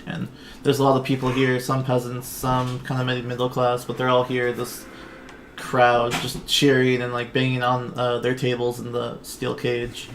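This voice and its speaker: A man running a tabletop game, narrating scenes in a relaxed, descriptive way with lots of fillers. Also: medium pitch, moderate pace, a little hiss or hum. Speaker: game master. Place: home, online stream.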